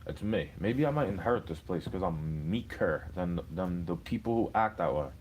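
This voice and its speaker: Young man ranting solo, confrontational and swearing, low register, slight noise behind. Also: lively intonation, normal speed, a little mellow. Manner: angry, profane, confrontational ranting. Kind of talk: ranting monologue.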